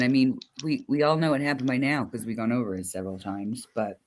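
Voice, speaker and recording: A woman co-host with a very deep voice, chatting casually. She talks in a loose, rambling way with plenty of restarts and laughs easily. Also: fairly even intonation, fairly quick, a little mellow. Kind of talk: casual chat.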